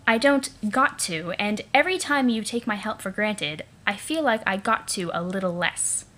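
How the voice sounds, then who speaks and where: A woman's voice: medium pitch, moderate pace, sharp tone, lightly acted. A woman voicing a composed, dry-witted female troll who answers with sass.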